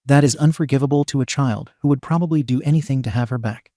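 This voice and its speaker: A man narrating a story in an even, steady scripted read. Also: medium pitch, quick pace, no echo, studio quality.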